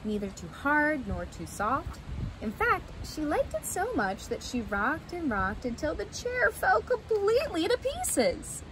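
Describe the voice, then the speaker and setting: An animated woman teacher reads a fairy tale aloud to children. Her voice is lively and rises high on the exciting parts. Clear road noise sits behind the reading. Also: a little slow. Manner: expressive, animated storytelling. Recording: noisy, with vehicle sounds.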